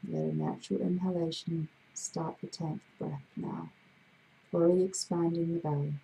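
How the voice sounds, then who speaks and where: A woman hypnotherapist with a gravelly voice, leading a slow, soothing guided breathing exercise. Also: low voice, steady tone, warm tone, a little hiss or hum, low-quality recording. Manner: slow, soothing, drawn-out guidance.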